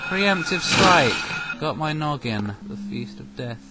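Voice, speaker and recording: A man giving goofy, excitable let's-play commentary with sudden loud outbursts. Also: medium pitch, takes it slowly, few pauses, rough recording. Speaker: gameplay commentator. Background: game music.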